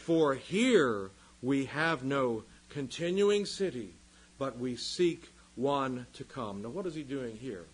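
Husky male pastor, lively pitch swings, fiery sermon style. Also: slow, poor audio. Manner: impassioned, swings from loud emphasis to quiet. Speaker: preacher.

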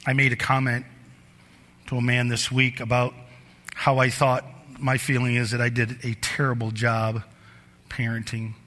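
A middle-aged man preaching a sermon in a church, telling personal stories in an animated way that climbs higher and louder as the story builds. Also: moderate pace, long pauses. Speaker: pastor. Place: church sanctuary. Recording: long hall reverb.

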